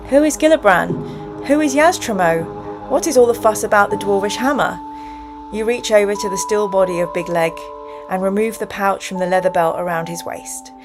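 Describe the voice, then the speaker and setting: A woman hosting a livestream, reading a gamebook aloud and chatting with viewers with plenty of giggles. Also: mid-range voice. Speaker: streamer and game host.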